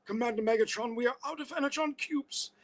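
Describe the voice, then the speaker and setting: A man voicing a male robot lieutenant from a cartoon, in a flat, dispassionate, factual manner, pitched well above his own voice. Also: fast.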